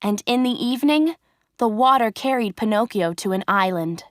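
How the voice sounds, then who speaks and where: A woman reading a children's storybook aloud, clear and expressive. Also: fairly high pitch, normal speed, no room sound, clean studio sound. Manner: clear, expressive, carefully paced. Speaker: storybook narrator. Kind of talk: slow storybook reading for learners.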